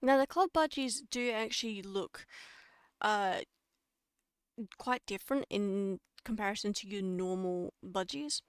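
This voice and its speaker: A chatty Australian woman talks her chat through a casual livestream lecture, laughing at herself and fixing her own slips as she goes. Her voice is smooth and clear, recorded dry and close with no room sound. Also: medium pitch, measured pace, no echo. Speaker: streamer giving a lecture.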